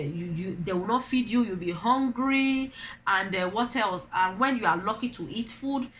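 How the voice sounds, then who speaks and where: With a sharp tone in a mid-range voice, a middle-aged Nigerian woman, a mother and vlogger, shares her opinions to camera. Her storytelling is animated and peppered with rhetorical questions, and a little background noise is present.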